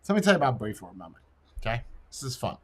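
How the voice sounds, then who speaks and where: A man hosting a podcast, chatting casually and telling crude, rambling stories with animated delivery. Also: mid-range voice, very fast, breathy edge. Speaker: podcast host. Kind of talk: casual chat and storytelling.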